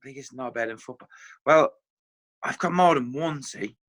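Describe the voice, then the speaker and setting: A middle-aged man with an Irish accent, a former footballer telling animated anecdotes as a podcast guest, acting out what others said. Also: mid-range voice, normal speed. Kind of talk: casual podcast storytelling.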